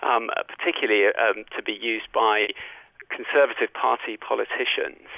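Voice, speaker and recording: A male language professor with a British Received Pronunciation accent, explaining in a measured, scholarly way with frequent fillers, heard over a phone line. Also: on the low side, steady tone, vocal fry, no echo. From Britain. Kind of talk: explanatory interview talk.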